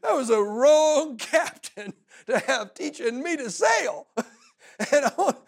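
Pastor, middle-aged man, animated sermon storyteller, voice swings widely. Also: very high-pitched, slow pace, vocal fry. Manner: animated storyteller, laughs often, repeats words.

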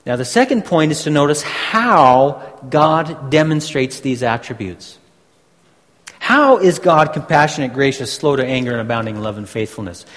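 A man preaching a sermon, teaching slowly and deliberately with emphatic pauses. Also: medium pitch, expressive, fairly bright tone. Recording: long hall reverb.

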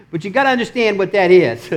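A middle-aged pastor with a Texas accent, preaching a sermon in an animated way, swinging between loud emphasis and soft asides and chuckling often. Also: male voice, high-pitched. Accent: Texan.

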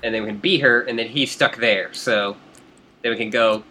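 A man's voice: mid-range voice, steady tone, moderate pace, pushed and bright, slight background noise. A man chatting casually through a game playthrough, guiding his partner and swearing now and then. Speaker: gamer.

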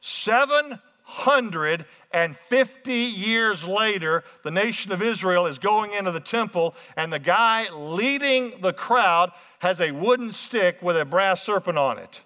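A man preaching a sermon as pastor, energetic, calling out to the congregation in a church hall. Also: high-pitched, a little slow, few pauses. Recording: muffled, hall reverb.

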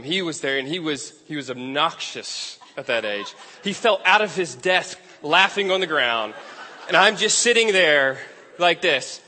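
Bright-voiced man preaching in a hall. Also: a little high. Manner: self-deprecating, chatty, laughing at himself. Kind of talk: storytelling sermon. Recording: long hall reverb.

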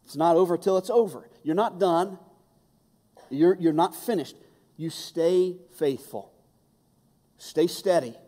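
A male pastor delivers a fervent sermon in a fairly high voice, pressing and repeating his key phrases. His words ring out with a long reverb trailing through a large hall. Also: takes it slowly, pauses often, dark tone.

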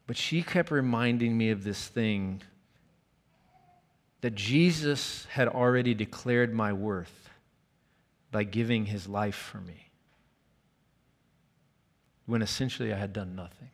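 A man preaching a sermon, telling a personal story with earnest warmth and dropping to a near whisper for quoted lines. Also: on the low side, slow pace, pauses often. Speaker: pastor. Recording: long hall reverb.

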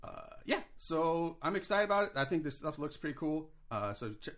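Man, podcast host, fairly high voice, upbeat, rambling with ums. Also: big pitch swings, a little fast, fairly bright tone. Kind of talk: casual podcast chat.

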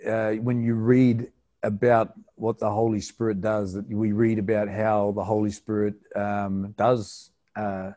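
A man hosting a faith interview, summing up his guest's points in a measured, halting way with many fillers. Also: on the low side, flat delivery, warm tone, no echo. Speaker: host, interviewer. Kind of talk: reflective interview talk.

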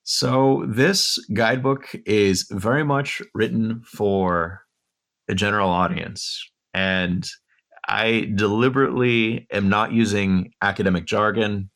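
A man's voice: on the low side, steady tone, slow, fairly bright tone. A man being interviewed as an author and educator, laying out his points in order in an earnest, thoughtful way. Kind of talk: conversational interview. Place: Durham area.

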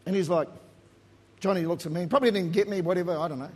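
A middle-aged New Zealand pastor delivers a sermon built on his own story, his New Zealand accent clear. His husky, breathy voice sits fairly high for a man, and he talks quickly with long pauses, swinging animatedly from loud emphasis to quiet asides.

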